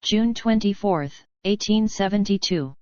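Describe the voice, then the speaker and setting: A woman reading the lines of a cool-headed young male outlaw who answers with quick, dignified defiance, in a dull lo-fi recording. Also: mid-range voice, darkish tone, smooth, no echo, lightly acted.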